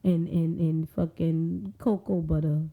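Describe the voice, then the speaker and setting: A woman's voice: low voice, steady tone, a little slow, phone-quality sound, a little hiss or hum. A woman co-hosting a podcast, cracking profane jokes in casual chat. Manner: profane, joking. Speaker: podcast co-host.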